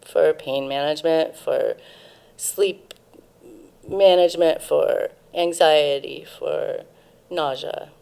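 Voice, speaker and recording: Low, gravelly-voiced woman. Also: fairly even intonation, takes it slowly, darkish tone. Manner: informative, frequent ums and restarts. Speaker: cannabis museum guest. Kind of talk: casual interview, explaining history.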